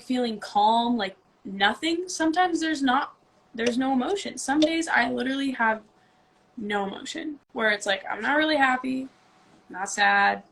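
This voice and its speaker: Earnest woman with a slightly high voice. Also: fairly bright tone. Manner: earnest, thinks aloud with many fillers. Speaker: co-host and youth basketball coach. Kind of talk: casual chat on a live stream.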